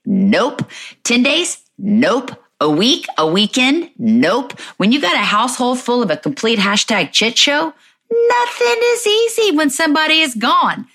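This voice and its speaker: A woman's voice: fairly high pitch, very animated, measured pace, a bit bright. A woman in her thirties hosting a podcast, talking candidly in a chatty, self-mocking way. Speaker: podcast host. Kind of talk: casual monologue.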